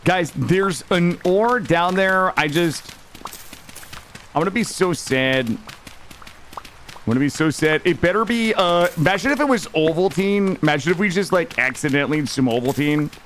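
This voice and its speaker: Excitable swearing game streamer, man. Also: on the high side, moderate pace, a little hiss or hum. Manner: excitable, swears often, talks to chat. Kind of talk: live gameplay commentary.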